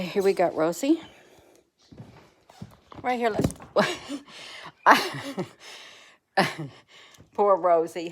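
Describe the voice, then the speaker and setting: Slow, unhurried middle-aged woman, casual vlog chat, rambling and cooing at her cat. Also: medium pitch, noisy background. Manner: rambling, coos at her pet cat between remarks. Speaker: vlogger.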